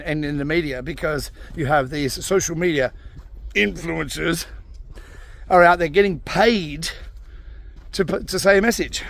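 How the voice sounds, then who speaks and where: A man ranting in a vlog, angry and swearing, with frequent sighs. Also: fairly high pitch. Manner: angry, sighing, swearing rant. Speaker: vlogger. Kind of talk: ranting commentary.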